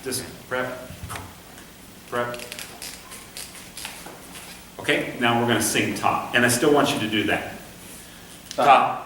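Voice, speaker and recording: A man coaching a conducting student in a patient, hands-on way, often singing syllables to show the beat. He is picked up from across an echoey rehearsal room. A faint hiss sits under his medium-pitched voice. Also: moderate pace, pauses often, fairly bright tone, far from the mic. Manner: patient, demonstrative, sings syllables to show rhythm. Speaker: conducting instructor. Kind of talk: classroom coaching.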